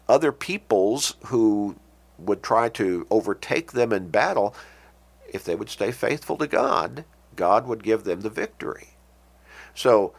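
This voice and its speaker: A man preaching a sermon, reading scripture with emphasis and explaining it in a measured, pausing way. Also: mid-range voice, gravelly. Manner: emphatic, rising on scripture quotes, pausing and restarting.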